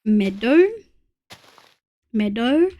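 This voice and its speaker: Chatty Australian woman streamer, slightly high. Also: lively intonation, very slow, muffled recording. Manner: chatty, swears freely, giggly. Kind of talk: casual live-stream chat.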